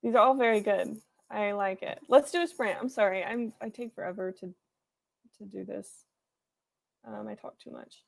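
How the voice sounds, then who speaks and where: A woman's voice: mid-range voice, moderate pace, gravelly. A young woman hosting a writing livestream from her room, chatting casually and playfully as she reads out chat comments. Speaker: livestream host.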